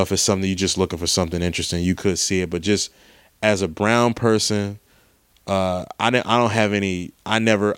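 A man's voice: low-pitched, clear, resonant tone, dry recording, clean studio sound. A man giving a casual, rambling movie review, swearing freely and often restarting his sentences. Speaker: film reviewer.

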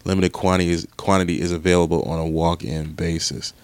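A deep, low-pitched young man grumbles his way through a casual podcast chat. He swears freely and thinks out loud, exasperated. The recording is dry and close, with no room sound. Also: flat delivery, fast, clean tone, no room sound. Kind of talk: casual solo chat while browsing online.

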